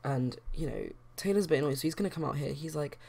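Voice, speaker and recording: A woman's voice: low-pitched, fast talker, creaky, mellow, husky. A young woman chatting casually as a let's play host, rambling with lots of fillers. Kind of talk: casual game commentary.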